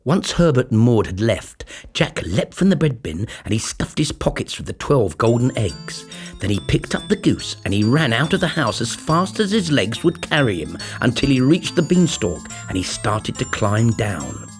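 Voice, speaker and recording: A man narrating a fairy tale in a playful, expressive storytelling style. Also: medium pitch, moderate pace, soft background music. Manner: animated, playful.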